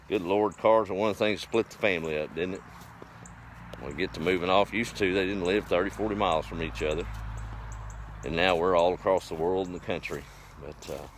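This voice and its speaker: A man's voice: low voice, a bit bright, slight background noise. An older man, chatting casually and folksily on a live stream, greeting viewers by name. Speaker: host of a live farm stream.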